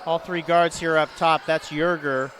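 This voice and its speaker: A man calling live high school basketball play-by-play who gets louder on big plays. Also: a little slow, background noise. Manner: rising excitement on big plays. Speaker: play-by-play announcer.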